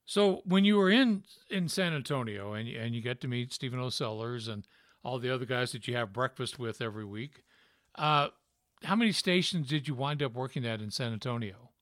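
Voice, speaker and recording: A man's voice: mid-range voice, animated, a little fast, fairly bright tone, dry recording. Male podcast host from Tennessee, ex-radio, folksy storyteller, faint Southern accent, dry close mic. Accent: trained-down Southern. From Memphis, Tennessee. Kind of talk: casual interview chat.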